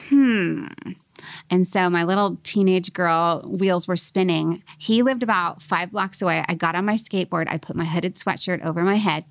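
Animated woman telling her story, gravelly edge. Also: on the low side, dry recording. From California. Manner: animated, laughing, acts out quoted voices. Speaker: podcast guest. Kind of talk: casual storytelling interview.

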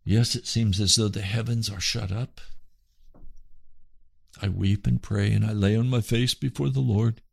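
A man's voice: on the low side, fairly even intonation, a little slow, gravelly, pauses often, husky, dry recording. A man preaching on his radio broadcast, earnest and pleading, often repeating phrases. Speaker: radio pastor. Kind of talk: radio sermon.

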